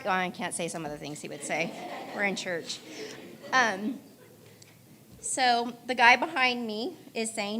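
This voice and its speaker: A woman's voice: mid-range voice, measured pace, pauses often, pushed and bright. A woman speaking in church at a memorial service, telling candid stories about her late father, laughing through tears and crying at times. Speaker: daughter giving a eulogy. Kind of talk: memorial eulogy.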